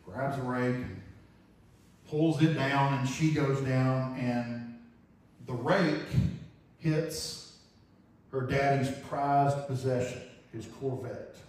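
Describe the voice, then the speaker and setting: In a church sanctuary, a man preaches a sermon, telling an illustration story earnestly and vividly and often repeating phrases. His medium-pitched, slightly mellow voice is fairly even in intonation, slow and full of pauses, captured by a distant mic in a very echoey hall.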